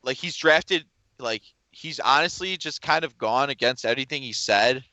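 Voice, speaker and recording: Bright-voiced man rambling about sports. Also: mid-range voice, normal speed, dry recording, lo-fi sound. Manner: rambling, jokey, slips into impressions. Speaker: podcast co-host. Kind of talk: casual sports chat.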